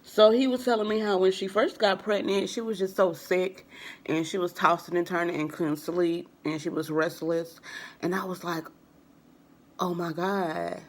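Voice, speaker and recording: A woman's voice: on the low side, steady tone, moderate pace. Rambling young woman telling a story. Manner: rambling, many fillers and "I was like" quotes. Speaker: vlogger. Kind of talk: casual personal storytelling.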